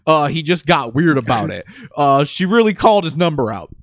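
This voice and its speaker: A man's voice: a little high, big pitch swings, a little fast, dry recording, clean studio sound. A man in casual chat, retelling a movie plot in a loose, rambling way with frequent swearing. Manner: profane, rambling storytelling.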